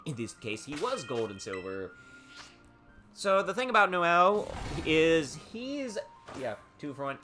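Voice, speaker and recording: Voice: mid-range voice, pushed and bright. A streamer who chats casually while playing a game, rambling through stories and laughing often.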